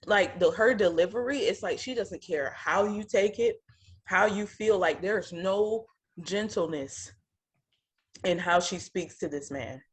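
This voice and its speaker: Outspoken husky-voiced woman. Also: mid-range voice, a little slow. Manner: outspoken, opinionated, heavy slang. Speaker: co-host of a reality TV reaction show. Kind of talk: casual chat reacting to a TV episode.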